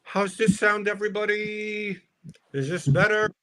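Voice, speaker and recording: His voice sits high with a sharp tone and a measured pace: an older man, comedian and stream co-host, telling a rambling story at his own expense with plenty of restarts. It's casual storytelling over a livestream video call mic, and the stream audio is noisy.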